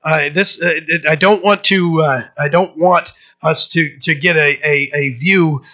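A man preaching a sermon with a bright, forceful voice that sits a little high for a man. He talks in a casual, emphatic way, full of fillers and restarts, and jumps up in pitch when he acts out quoted voices. The recording sounds dull and muffled. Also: steady tone, unhurried. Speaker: pastor.

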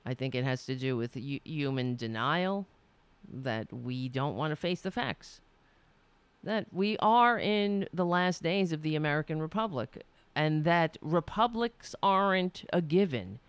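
A woman's voice: low-pitched, animated, unhurried, smooth, dry recording. A woman hosting a casual livestream from home, chatting candidly, laughing easily and swearing now and then. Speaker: political livestream host. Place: home room.

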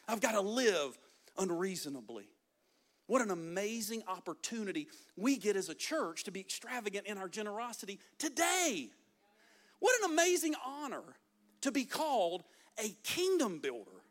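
A pastor preaches a fervent, emphatic sermon to his congregation at a church service, his very high, sharp voice swinging widely in pitch at a fairly quick pace. He keeps dropping in "man" and "listen" as he presses his points.

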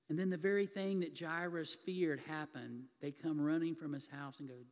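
A man's voice: high voice, steady tone, fairly quick, hardly any pauses, a little mellow. A man preaching a sermon, telling a scripture story vividly to his congregation. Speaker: pastor. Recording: long hall reverb.

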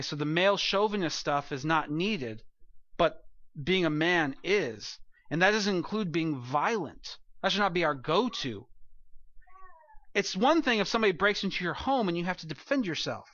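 A man's voice: a little high, sharp tone, dry recording, muffled recording. A man in his thirties, a pastor, preaching a conversational sermon in a casual, self-deprecating way, full of restarts and fillers.

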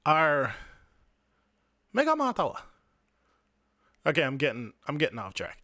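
A man's voice: a little high, wildly swooping pitch, unhurried, pushed and bright, dry recording, clean studio sound. A young Jamaican man hosting a podcast, telling a personal story in a casual, rambling, profane way and speaking straight to his listeners. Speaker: podcast host.

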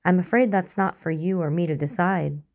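Woman doing a serene male zealot, low voice, mellow tone, soft and unhurried. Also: close to an everyday voice. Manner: soft-spoken, unsettlingly calm. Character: calm smiling male cult preacher.

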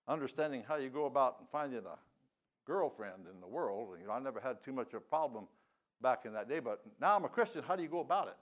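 A man's voice: medium pitch, expressive, fast. An older man giving a sermon testimony, telling his story in a folksy, plain-spoken way. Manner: folksy storytelling with rural grammar.

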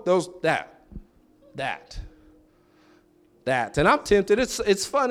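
A man's voice: slow pace, pauses often. A man preaching a sermon in church, telling stories with acted-out quotes and repeated phrases. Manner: animated, pitch jumps high for quoted voices. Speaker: pastor.

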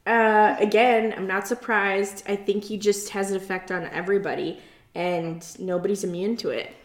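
A woman's voice: mid-range voice, fairly even intonation, normal speed. Chatty woman co-host in roomy echo. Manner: chatty, frequent "like" fillers, laughs easily. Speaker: podcast co-host. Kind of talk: casual chat recapping a reality show.

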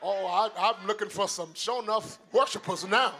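A man's voice: high voice, normal speed, bright, forceful tone, slight background noise. An older male pastor preaching in an old-school hollering style, calling on the congregation to answer back. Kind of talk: sermon.

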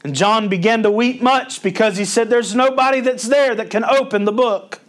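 High-voiced man preaching a sermon. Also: moderate pace. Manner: preaching with rising emphasis on quotes, folksy asides. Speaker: pastor.

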